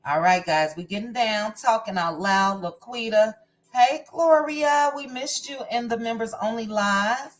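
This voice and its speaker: A woman's voice: fairly high pitch, measured pace. A woman hosting a casual livestream, reading out and greeting viewers from the chat by name before chatting about the week. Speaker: livestream host.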